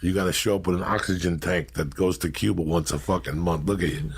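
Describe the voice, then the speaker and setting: A middle-aged man telling crude, profane stories in a brash, animated way on a talk show. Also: low-pitched, quick pace, a little hiss or hum. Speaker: storyteller guest. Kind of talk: profane casual storytelling.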